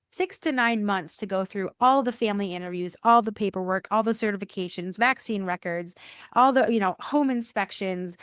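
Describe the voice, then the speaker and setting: A woman who works at a church, a podcast guest telling a personal faith story, animated, acting out quoted dialogue and repeating phrases for emphasis. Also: smooth, no echo, studio quality. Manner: animated, acts out quoted dialogue with rising pitch. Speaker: church worker.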